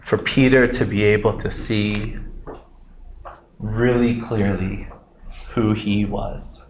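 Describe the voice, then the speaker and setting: A man's voice: on the low side, little pitch movement, takes it slowly, a little hiss or hum. A young man preaching a sermon in a conversational way, with asides like "right?", in an echoey room.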